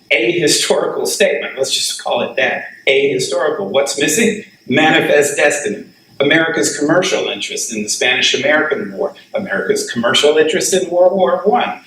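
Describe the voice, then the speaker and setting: A man's voice: medium pitch, a bit bright. Male lecturer, middle-aged, casual classroom delivery; distant, roomy recording. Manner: conversational, asks the class questions, laughs at his own asides. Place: lecture room.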